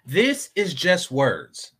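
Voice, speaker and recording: A man's voice: a little high, huge pitch swings, extremely slow, fairly bright tone, slightly rough. A man giving casual, sarcastic reaction commentary on a stream, talking back to the clips he plays.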